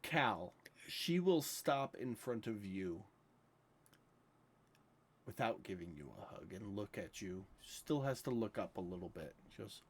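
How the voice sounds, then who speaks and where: Slow, laid-back game master. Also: male voice, lowish voice, big pitch swings, slightly rough. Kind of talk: narrating a tabletop game.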